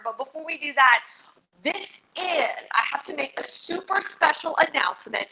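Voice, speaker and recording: A woman's voice: high-pitched, lively intonation, moderate pace, bright, forceful tone, low-quality recording. A woman hosting a live cooking demonstration as a dietitian, chatty, upbeat and a little nervous. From Louisiana. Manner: chatty and self-deprecating, nervous but upbeat.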